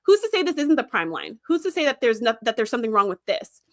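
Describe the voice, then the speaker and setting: A woman's voice: a little high, sing-song, fast. A woman voicing an indignant male starship captain who argues with heated rhetorical questions.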